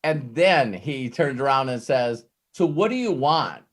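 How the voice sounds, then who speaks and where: A man's voice: medium pitch, animated, a little slow. A man hosting a Q&A, retelling a story with frequent "uh" fillers before an earnest motivational pep talk, heard over a video call.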